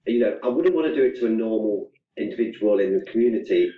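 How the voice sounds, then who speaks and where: A man's voice: fairly low pitch, quick pace, hardly any pauses, warm tone. A male student asking a hesitant, rambling question in class. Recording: roomy, distant, lo-fi classroom mic.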